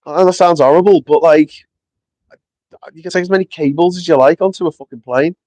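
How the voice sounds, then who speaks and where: A man's voice: a little high, a little fast, dark tone, no echo. Male streamer, chatty and sweary, tired, dry close-miked sound. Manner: chatty, sweary, reads viewers' comments aloud. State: short on sleep. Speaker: livestream host. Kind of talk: casual live-stream chat. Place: outdoors in the wind. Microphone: small clip-on mic with foam.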